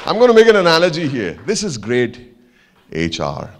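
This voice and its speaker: On the high side and at a moderate pace, this man speaks in a large hall with an Indian English accent. He's a keynote speaker telling a motivational story with energy, performing its characters and joking with the audience.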